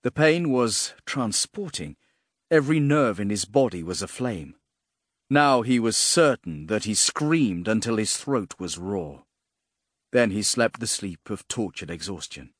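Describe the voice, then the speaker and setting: A man narrating a fantasy audiobook in a measured, expressive way, with a husky voice. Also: lowish voice, no echo, clean studio sound.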